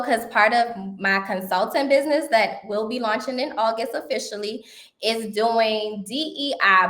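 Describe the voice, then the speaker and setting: A woman's voice: mid-range voice, fairly bright tone, echoey room. A woman interview guest, a healthcare consultant, speaking emphatically with rhetorical questions in casual conversation.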